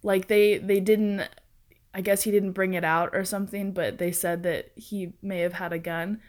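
A woman telling a story in a casual chat, animated, laughing often and swearing freely. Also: medium pitch, normal speed.

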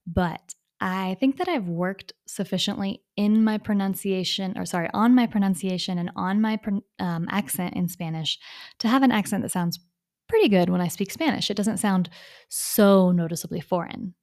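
A native English-speaking woman giving a video lesson to English learners, explaining clearly and repeating her points. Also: medium pitch, moderate pace, a little mellow. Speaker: English teacher.

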